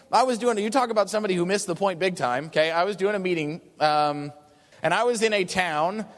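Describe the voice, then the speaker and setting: A man with a high-pitched voice tells a story to a crowd in an animated, chatty way, often checking in with "right?". His voice rings with the long reverb of a large hall. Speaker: business opportunity speaker. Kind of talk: storytelling talk to an audience.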